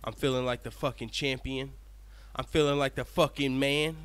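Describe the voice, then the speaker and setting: A man voicing a brash, boastful male fighter who gloats and curses in loud bursts. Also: medium pitch, fairly even intonation, moderate pace, clean tone, no room sound, faint music behind, close to an everyday voice.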